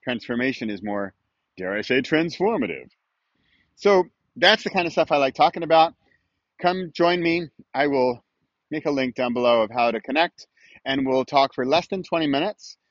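A man's voice: medium pitch, expressive, moderate pace, no room sound, lo-fi sound. A man hosting his own weekly video podcast, chatting casually and rambling a little while he films himself outdoors. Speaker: podcast host. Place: outdoors with a morning view.

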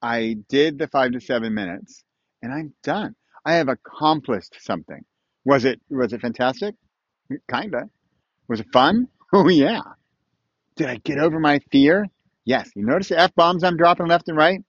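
A man's voice: mid-range voice, normal speed, no echo. Playful self-mocking man, dry lo-fi. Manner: lively swings between loud punchy lines and quiet asides. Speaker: weekly video host. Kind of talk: self-recorded motivational monologue. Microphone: camera mic, self-recorded.

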